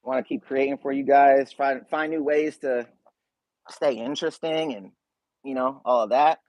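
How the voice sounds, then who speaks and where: A man's voice: mid-range voice, expressive, normal speed, a little mellow, no echo, poor audio. A man hosting a casual livestream, chatting straight to viewers in a laid-back, slangy way. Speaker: YouTube reaction channel host.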